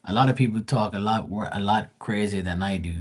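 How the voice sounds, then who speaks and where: Low-voiced Bermudian man chatting live. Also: fairly quick, breathy edge, low-quality recording. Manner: rambling, chatty, swears casually. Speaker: live tarot streamer. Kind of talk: casual live-stream chat.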